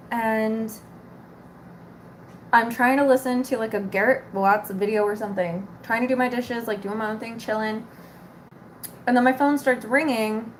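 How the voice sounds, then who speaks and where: A woman's voice: on the high side, slight background noise. A young woman vlogger ranting casually to camera, exasperated, swearing and rambling.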